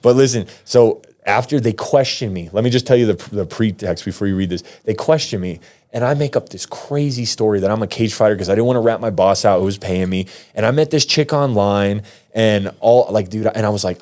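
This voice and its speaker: A low-voiced man sits in a podcast studio as a guest. He tells his story casually, in a slangy, rambling way. He restarts his sentences often. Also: a little fast, a little mellow. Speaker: guest, pro fighter.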